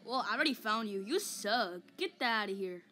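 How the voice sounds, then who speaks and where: A woman's voice: medium pitch, expressive, brisk, bright, forceful tone, slight background noise. A woman voicing a vain, hot-tempered giant male ape in a comic fan dub, taunting and boasting with mock roars.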